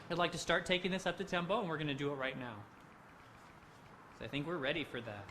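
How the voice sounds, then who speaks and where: Bright-voiced man conducting a handbell rehearsal. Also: on the high side, slight background noise. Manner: sings rhythms and counts beats aloud; upbeat, encouraging. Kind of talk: rehearsal instruction. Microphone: video call.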